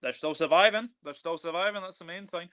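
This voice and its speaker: A man's voice: high voice, fast talker, fairly bright tone. A man hosting a casual football live stream, upbeat and chatty as he reads out viewer comments. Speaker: football channel host.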